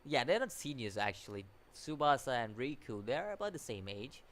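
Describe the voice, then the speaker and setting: A man giving a casual spoken anime episode review, animated and incredulous, laughing often and filling his talk with "like" and "what?". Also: medium pitch, moderate pace. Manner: animated and incredulous, full of fillers and repeated "like, what?"; laughs often while talking.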